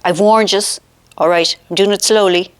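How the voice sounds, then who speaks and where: A woman's voice: medium pitch, fairly even intonation, moderate pace. An Irish woman chatting to camera at home, full of self-mocking asides as someone else films her. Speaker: vlogger. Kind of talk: casual chat to camera. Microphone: filmed by a companion behind the camera.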